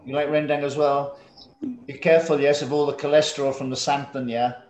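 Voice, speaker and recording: A man's voice: medium pitch, little pitch movement, fairly quick, darkish tone, slight background noise. A man in his fifties with a London English accent, teaching a school English lesson over a video call in a friendly, joking way. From England. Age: 50s. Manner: friendly, joking, draws students out with questions. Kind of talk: online class lesson. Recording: echoey room on a video call.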